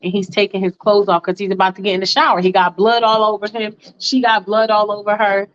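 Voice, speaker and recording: A woman's voice: mid-range voice, little pitch movement, fast talker. A woman casually telling a fanfiction story aloud, with slangy, chatty asides. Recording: dull lo-fi recording.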